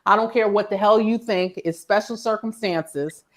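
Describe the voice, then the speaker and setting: A woman in her forties telling a story in a casual group chat, animated and acting out the people she quotes. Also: medium pitch, moderate pace.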